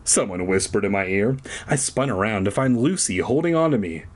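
A man's voice: fairly low pitch, expressive, brisk. A man reading a children's horror book aloud in a comedic way, breaking off into sarcastic, profane rants. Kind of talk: comedic read-aloud with ranting asides.

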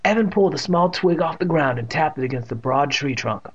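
A man narrating a story in a steady, plain reading voice, adding jokes of his own. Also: a little high, brisk, husky, lo-fi sound. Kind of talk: audiobook reading with ad-libbed jokes.

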